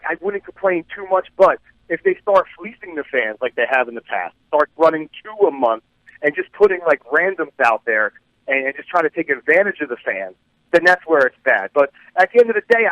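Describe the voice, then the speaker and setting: A man's voice: on the high side, expressive, a little fast, no echo, lo-fi sound. Wry man co-hosting a radio talk show. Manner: easygoing, wry opinionated commentary.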